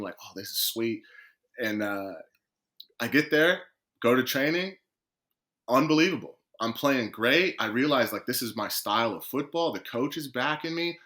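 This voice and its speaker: A man's voice: medium pitch, pushed and bright. A man, a professional footballer, telling his career story as a guest on a podcast and acting out the conversations he quotes.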